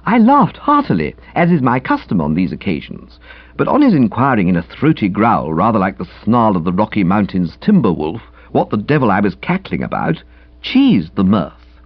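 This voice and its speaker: A man reading a comic novel aloud in a breezy, chatty, very expressive manner. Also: on the low side, moderate pace, husky, no echo, muffled recording. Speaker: audiobook narrator. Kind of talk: comic audiobook narration.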